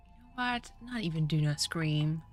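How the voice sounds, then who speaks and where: A woman's voice: low voice, animated, moderate pace, faint music behind. A woman streaming a game, talking to her chat and getting exasperated at the game. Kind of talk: let's play commentary.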